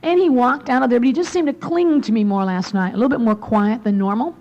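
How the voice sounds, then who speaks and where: A young adult woman giving an earnest devotional talk to women, often dropping to a soft near-whisper for emphasis. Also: fairly high pitch, fast talker, highs cut off. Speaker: women's conference speaker.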